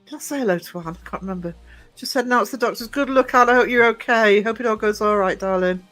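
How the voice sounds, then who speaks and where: A man with a high voice streaming live from the gym, chatty and teasing as he greets his viewers one by one. He sounds a bit worn out, laughs easily, and faint music plays behind him. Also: quick pace, sharp tone. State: low on energy. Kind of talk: casual live-stream chat reading out viewer comments.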